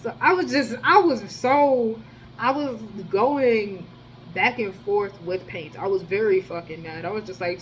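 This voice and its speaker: A woman telling a rambling personal story in a casual, profane monologue, with sudden jumps in loudness. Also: on the high side, a little slow, slight background noise, rough recording. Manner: rambling, slangy and profane, with many restarts. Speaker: storyteller vlogger.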